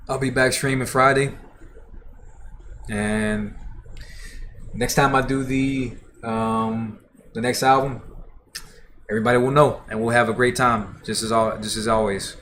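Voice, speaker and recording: A man's voice: mid-range voice, fairly even intonation, unhurried, pauses often, a bit bright, a little hiss or hum. A man hosting a music reaction livestream, chatting casually and reading viewer comments aloud in a laid-back, profane way.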